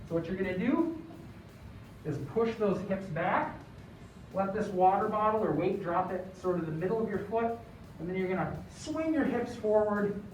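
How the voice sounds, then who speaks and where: An encouraging fitness instructor leads a broadcast home workout, counting down between exercises in a medium-pitched, slightly mellow voice. The large room echoes, the distant mic sounds dull, and there's a bit of background noise.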